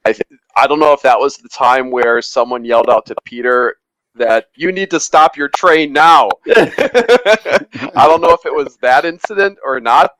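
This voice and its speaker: A man's voice: medium pitch, a bit bright, no room sound, poor audio. A man in a casual podcast group chat, remembering a friend in an easygoing, thoughtful way.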